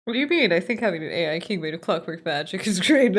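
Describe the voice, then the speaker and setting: A woman with a fairly low voice streams a game and chats casually. She swears freely, rambles through asides and laughs easily. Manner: profane, rambling, quick to laugh. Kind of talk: casual let's-play chatter.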